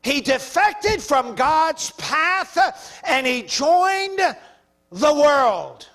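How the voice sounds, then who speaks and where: Male pastor, very high-pitched, emphatic preaching. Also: very animated, drawn-out words, fairly bright tone. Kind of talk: sermon.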